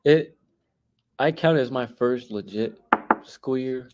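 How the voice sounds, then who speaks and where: A young man in his twenties talking casually as a guest teacher, halting with many restarts and fillers. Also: mid-range voice, darkish tone, a little hiss or hum, rough recording. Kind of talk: casual interview talk.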